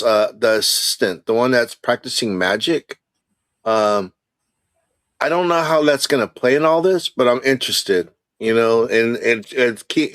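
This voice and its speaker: A man's voice: medium pitch, a bit bright, no echo. A man on a podcast panel, talking in a meandering way with many ums and you-knows. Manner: meandering, lots of um and you know. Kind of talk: casual chat.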